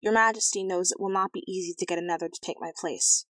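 A woman voicing a cool, blunt young prince in a storybook reading, calm and matter-of-fact. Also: lowish voice, fast, dry recording, natural voice.

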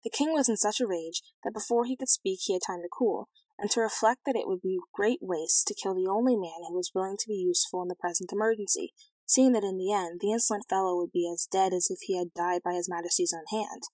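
A woman narrating a fairy tale as an audiobook reading, in a clear, even storytelling manner. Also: mid-range voice, fast talker, dry recording, low-quality recording.

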